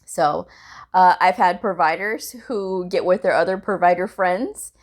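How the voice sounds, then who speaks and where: A woman's voice: fairly low pitch, unhurried. A woman hosting a medical coding channel, giving blunt career advice in a casual vlog with frequent laughs. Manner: blunt, direct, laughs often.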